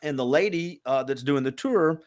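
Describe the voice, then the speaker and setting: A man's voice: a little high, moderate pace, a little mellow, no echo, clean studio sound. A middle-aged man hosting a podcast interview, telling stories in a chatty way with many fillers. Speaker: podcast host. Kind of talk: casual interview chat.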